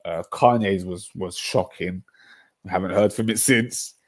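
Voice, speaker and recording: A man's voice: deep voice, a little slow. A young man, chatting casually and rambling through stories on a livestream, full of slang. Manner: rambling, animated storytelling with slang. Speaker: livestream host.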